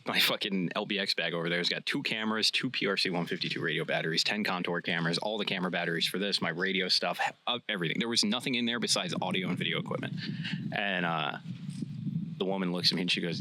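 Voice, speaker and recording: A man's voice: low voice, quick pace, sharp tone, rough recording. A man hosting a podcast, telling a casual story with loose, profane humor. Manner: storytelling, profane, laid-back. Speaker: podcast host. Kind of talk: casual chat. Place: event venue.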